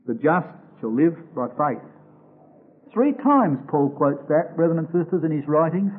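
A man preaching an expository Bible sermon, slowing down to stress each quoted verse. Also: a little high, animated. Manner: slows to stress quoted scripture. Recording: tinny phone-like recording.

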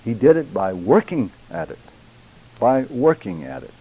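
An older man teaching a church public speaking class, deliberate and emphatic, addressing his students directly. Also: medium pitch, very animated, warm tone, husky, low-quality recording.

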